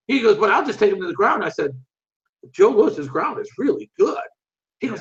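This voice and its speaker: An older man with a high-pitched voice tells animated stories in a casual interview. He acts out what other people said and swears freely. The recording sounds muffled and lo-fi. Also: fairly quick. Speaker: interview guest, martial arts instructor. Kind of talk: casual storytelling.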